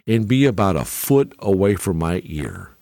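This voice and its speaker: A man's voice: low voice, sing-song, a little slow, creaky, warm tone, dry recording, clean studio sound. A man in his sixties hosting a podcast, telling a story in a casual monologue, chuckling often and tagging his lines with "okay?". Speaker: podcast host.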